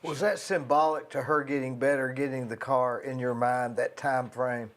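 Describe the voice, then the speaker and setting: A man's voice: medium pitch, steady tone, moderate pace. A male host in a studio interview, asking short, probing questions and prompting his guest. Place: recording studio.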